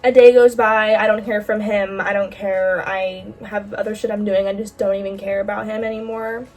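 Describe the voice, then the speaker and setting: A young woman in her late teens talks through a personal story in a loose, chatty vlog style. She fills her sentences with "like" and curses casually. Her voice sits at a middling pitch, a touch distant from the mic, with soft music playing behind. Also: flat delivery, normal speed. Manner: candid and chatty, heavy filler "like", swears freely. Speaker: bracelet-making vlogger.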